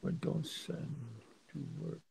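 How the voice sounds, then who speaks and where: A middle-aged man hosting a casual live stream, chatting with callers in a halting way, often repeating his words. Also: background noise. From USA. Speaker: streamer host.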